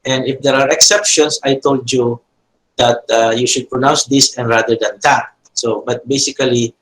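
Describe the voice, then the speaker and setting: A man teaching a Biblical Hebrew grammar lesson. He talks haltingly, with frequent fillers and self-corrections, and repeats key terms for emphasis. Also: medium pitch, fairly even intonation, fairly bright tone, a little hiss or hum, rough recording. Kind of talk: classroom grammar lecture.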